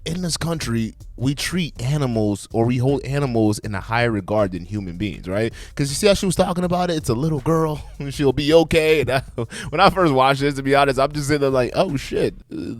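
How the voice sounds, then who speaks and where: A man hosting a reaction video, giving blunt, profane commentary and lecturing his viewers in a loose, animated way. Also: mid-range voice, fairly quick, hardly any pauses, no echo.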